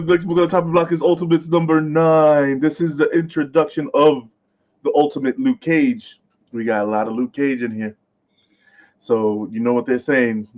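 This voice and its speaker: A man's voice: mid-range voice, darkish tone. Laughing man hosting a comics segment. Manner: stumbles over names, laughs often. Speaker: podcast co-host presenting comics segment. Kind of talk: casual podcast chat. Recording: slightly muffled lo-fi mic.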